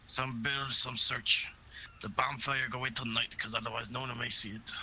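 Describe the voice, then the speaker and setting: Male player; bright, even-pitched, joking as would-be ship captain. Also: moderate pace, breathy edge, low-quality recording. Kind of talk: casual tabletop play.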